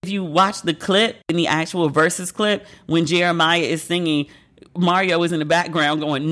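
A woman's voice: fairly low pitch, moderate pace. Candid, profane woman telling gossip. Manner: animated, with playful acted asides. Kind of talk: casual chat.

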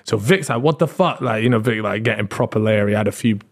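A man, podcast co-host, telling a long story in casual chat, animated, swearing and acting out what others said. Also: on the low side, fast talker. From Britain. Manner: animated, swearing, acts out quotes.

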